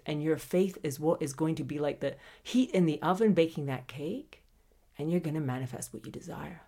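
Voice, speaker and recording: A woman's voice: deep voice, warm tone. A woman hosting a solo motivational podcast, talking animatedly, acting out quoted inner voices and laughing often. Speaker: podcast host.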